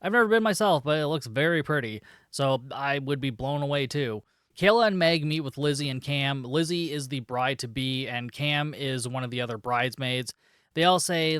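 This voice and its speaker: A man talks through a film's plot for his podcast in a loose, chatty way, dropping sarcastic and profane asides. His voice is smooth and clear, and it sounds dry and close to the mic. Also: mid-range voice, moderate pace, fairly bright tone, no echo. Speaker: podcast host reviewing a film. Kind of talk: casual spoken film recap.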